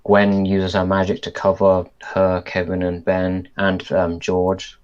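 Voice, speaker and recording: A podcast co-host with a low, slightly mellow voice reviews a cartoon episode in casual chat, speaking slowly and in a monotone. He thinks aloud, trailing off and restarting sentences, and the audio's highs are cut off.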